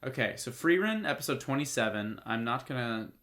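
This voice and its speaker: A man's voice: medium pitch, lively intonation, brisk, fairly bright tone. A man hosting a podcast, talking casually and jokily, full of fillers and restarts. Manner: rambling, jokey, many fillers and restarts. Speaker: podcast host. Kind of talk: casual solo commentary.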